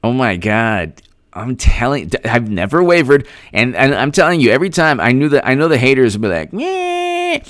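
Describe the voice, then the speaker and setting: A man hosting a political commentary livestream, reading out viewer comments and thanking them by name in an excitable, rambling way, often repeating himself. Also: medium pitch, a little fast, no echo, clean studio sound.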